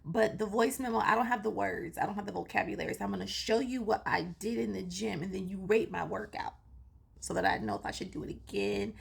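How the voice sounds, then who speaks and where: A woman's voice: medium pitch, fast, gravelly. A woman vlogger giving a rambling, playful recap of her gym workout, sometimes dropping into a whisper. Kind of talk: casual chatty workout recap.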